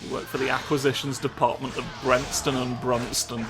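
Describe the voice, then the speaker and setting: A gameplay commentator swears often and jumps into silly voices as he rambles absurdly through a comedic let's play. His mid-range voice shows little pitch movement and runs a little fast, with game music loud behind it.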